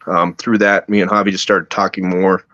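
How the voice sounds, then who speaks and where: A man telling a personal story at a slow, halting pace, with many restarts. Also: deep voice, little pitch movement, fairly bright tone, no echo, muffled recording. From United States. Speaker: podcast guest. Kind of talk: casual storytelling.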